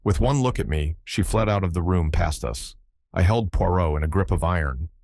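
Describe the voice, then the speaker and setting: A man narrating an audiobook in an earnest, measured way. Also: low voice, darkish tone, no echo. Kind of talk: scripted narration.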